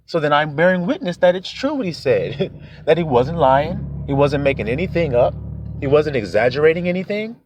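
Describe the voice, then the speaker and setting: A man preaching a sermon, animated, acting out quoted voices as he goes. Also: a little high, normal speed.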